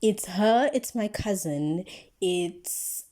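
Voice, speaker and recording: A woman's voice: mid-range voice, lively intonation, drawn-out words, dark tone. A young woman with a South African accent telling a dream story in a casual, slangy vlog style, full of fillers. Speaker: vlogger.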